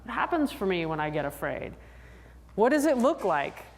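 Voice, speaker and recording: A female sports psychologist gives a lively, chatty convention talk at a moderate pace, her voice creaky, pulling answers from the audience and acting out riders in high voices. The large hall adds a long reverb.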